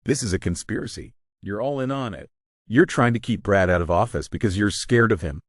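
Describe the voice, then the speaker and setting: A man voicing an indignant, shrieking woman in her fifties in a read-aloud story, in a low, dry voice. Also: fairly quick, dry recording, natural voice. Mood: accusing. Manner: indignant, accusing, paranoid ranting. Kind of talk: scripted story narration.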